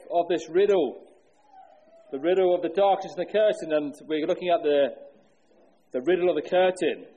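A man preaching an earnest sermon from the pulpit, with a husky, mellow voice that sits a little high. He asks the congregation questions and sinks low and slow on solemn words. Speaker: pastor.

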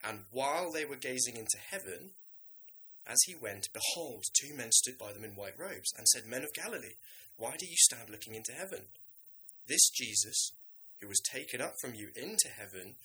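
A man preaching a sermon in a lively, conversational way, now and then acting out the voices of biblical figures. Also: mid-range voice, moderate pace, rough recording.

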